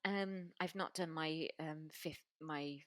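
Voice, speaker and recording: A woman's voice: sits low, fairly even intonation, slow pace, dry recording. A British woman co-hosting a casual beauty chat, talking easily and laughing often. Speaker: podcast co-host.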